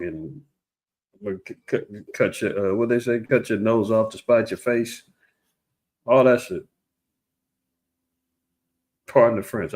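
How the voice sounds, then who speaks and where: A man giving casual religious commentary online, rambling and preachy, with frequent restarts and mocking raised-pitch impressions of others. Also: a little mellow.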